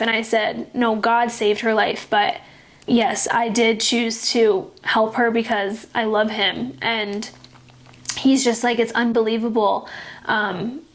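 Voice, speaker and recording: A young woman hosting a podcast, talking earnestly and emotionally about faith and kindness, often restarting her sentences. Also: on the high side. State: tearful at times. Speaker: podcast host. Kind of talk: personal faith-based podcast talk.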